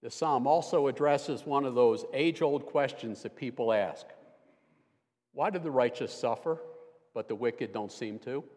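Speaking at a measured pace in a darkish mid-range voice, this older guest preacher gives a conversational sermon full of dry, self-deprecating jokes. The setting is a church sanctuary, captured with long hall reverb.

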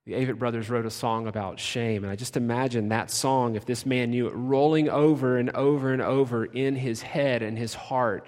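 A male pastor preaching a sermon, slow and dramatic, dropping to a hush and then shouting out. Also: medium pitch, fairly even intonation. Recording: long reverb of a large hall.

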